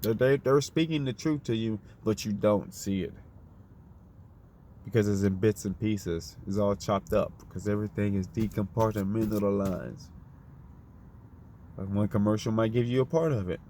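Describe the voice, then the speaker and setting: A man's voice: lowish voice, normal speed, warm tone, a little hiss or hum. A man delivering a fiery, profane, unscripted monologue, firing off rhetorical questions in a preachy tone.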